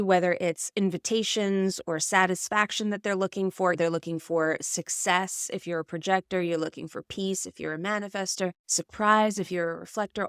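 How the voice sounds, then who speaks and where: A woman's voice: medium pitch, clean tone, no room sound, clean studio sound. Reflective woman hosting a solo podcast. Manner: reflective, explanatory, conversational. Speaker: podcast host. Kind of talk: casual solo podcast talk.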